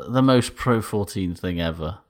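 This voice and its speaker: A man with a low, deep voice co-hosts a casual podcast. He talks emphatically and with enthusiasm, swearing freely as he makes his points. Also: normal speed. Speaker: podcast co-host. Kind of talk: casual chat.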